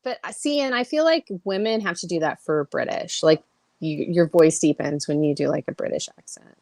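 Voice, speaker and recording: A woman's voice: low-pitched, fairly quick, darkish tone, dry recording. A woman co-hosting a pop culture podcast, teasing her co-host and giggling in casual chat.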